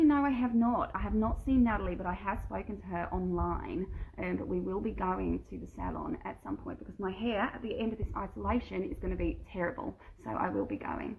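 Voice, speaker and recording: Over narrow, tinny audio, a musical theatre performer speaks in a gravelly, medium-pitched voice. She's at home in isolation, hosting a relaxed live-stream Q&A where she reads out fans' questions and answers them through giggles.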